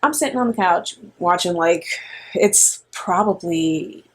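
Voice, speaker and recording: A middle-aged woman spins a spooky personal story in loose, rambling fashion, her voice a little husky. She is animated and sprinkles in fillers as she goes. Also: on the low side, unhurried. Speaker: co-host and mother. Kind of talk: casual storytelling.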